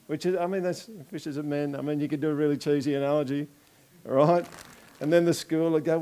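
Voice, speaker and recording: An Australian man preaching in a loose, chatty way, mixing jokes with rhetorical questions to the congregation. His voice sits a little on the high side for a man. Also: fairly even intonation, a little fast, dark tone. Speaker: pastor. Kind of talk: conversational sermon with object lesson.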